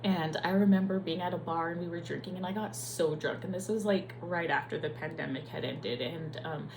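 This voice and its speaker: A woman's voice: on the low side, fairly quick, noisy background. A young adult woman, a nurse, speaking in a candid, profane and emotional personal vlog.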